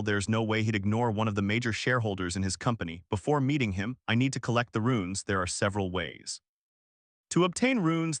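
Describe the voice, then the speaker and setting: A cunning young man who has looped through time again and again, plotting his next move in a cool, even inner voice, as a narrator reads him. The pace is brisk and the recording is very dry and close, like a comic recap read straight into the mic. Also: medium pitch, no room sound, lightly acted. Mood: scheming. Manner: cool, matter-of-fact inner monologue.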